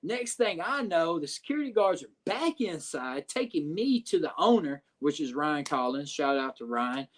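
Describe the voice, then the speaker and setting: A man, a podcast guest telling a story in a profane, animated way with lots of filler phrases. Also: fairly high pitch, moderate pace, hardly any pauses. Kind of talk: casual storytelling.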